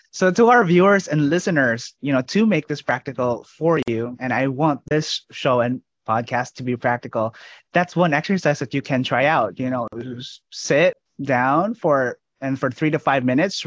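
A man's voice: medium pitch, expressive, normal speed, highs cut off. A man hosting a podcast, speaking earnestly and thoughtfully to his guest and listeners. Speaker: podcast host. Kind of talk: podcast interview.

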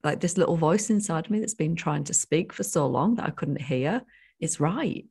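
Husky low-voiced woman host. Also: expressive, normal speed, a little mellow. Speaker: podcast host. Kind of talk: casual interview talk.

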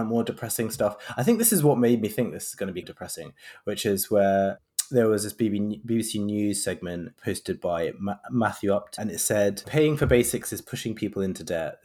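A man's voice: lowish voice, warm tone. A man in his thirties hosting a podcast, chatting casually and sarcastically with lots of rambling asides. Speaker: podcast host.

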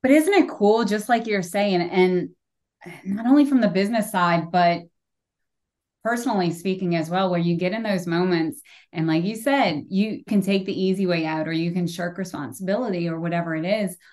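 A woman's voice: fairly low pitch, normal speed, darkish tone. A woman in her forties hosting a podcast, talking frankly and emphatically and swearing casually. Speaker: podcast host. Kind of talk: casual conversation.

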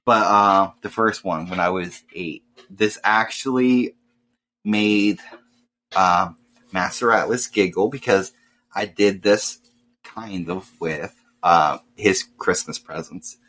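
A young man telling a casual, profane story and acting out loud voices. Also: low voice, slow pace. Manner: swears often, acts out voices loudly.

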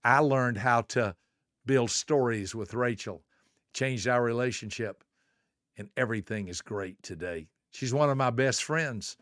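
A man in his seventies hosting a motivational podcast, preaching with emphatic rhetorical questions and swinging between soft asides and booming lines. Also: measured pace, no echo, clean studio sound. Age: 70s. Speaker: podcast host and motivational speaker.

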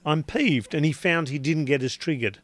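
A man talks relationships on a radio show, telling stories and putting on voices for the people in them. His voice sits a little high and sounds close and dry in a studio. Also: brisk, dry recording. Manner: chatty storyteller, acts out quotes with lively voices. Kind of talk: casual radio chat. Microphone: studio microphone.

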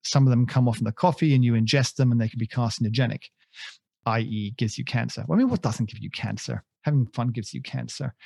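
A man's voice: mid-range voice, quick pace, creaky, darkish tone, slightly rough, dry recording, clean studio sound. A man co-hosting a podcast in casual chat, rambling and joking at his own expense with many restarts. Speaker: podcast co-host.

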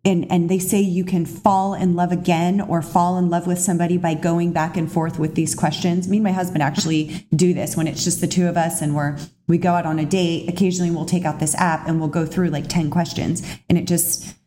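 A woman's voice: fairly low pitch, little pitch movement, a little fast, few pauses, warm tone. A middle-aged woman interviewing a guest in a casual, enthusiastic chat over a call.

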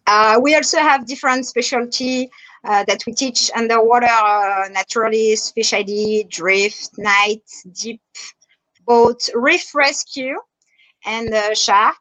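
A woman's voice: a little high, slow, fairly bright tone, low-quality recording. A woman with a French accent, a dive instructor and resort manager, answering interview questions with lots of hesitant fillers. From France. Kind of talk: online interview.

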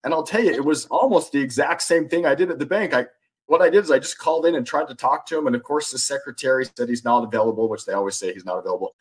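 Fast-talking husky man telling stories. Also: medium pitch. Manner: animated anecdotes with restarts. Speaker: guest, influence expert and author. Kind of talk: storytelling in a podcast interview.

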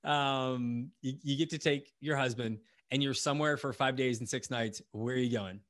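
A man's voice: medium pitch, fairly even intonation, normal speed, fairly bright tone. A man from the United States hosting a casual podcast interview, talking in a chatty, rambling way with many restarts. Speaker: podcast host.

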